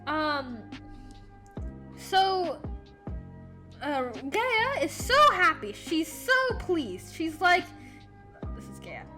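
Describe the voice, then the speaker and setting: A woman retells a story while drawing, wandering off track and correcting herself as she goes. Her voice is high and very lively, swooping up and down, with faint music behind. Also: extremely slow, long pauses. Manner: rambling, self-correcting, easily sidetracked. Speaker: storyteller and artist.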